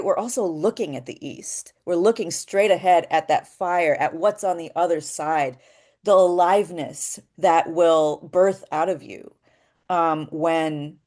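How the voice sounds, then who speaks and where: A woman speaks in a somewhat low voice, earnest and unhurried. She gives a reflective talk on voice work in spiritual terms and keeps checking in with a soft rhetorical question. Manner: earnest, often asks a rhetorical "right?". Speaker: voice actor and workshop speaker.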